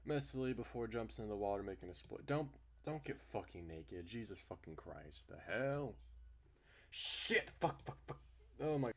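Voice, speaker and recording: A young man reads a visual novel aloud and breaks off into profane, exasperated rants about it. His voice sits a little low. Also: animated, moderate pace, a bit bright. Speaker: game streamer voicing a visual novel. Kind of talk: let's play reading and commentary.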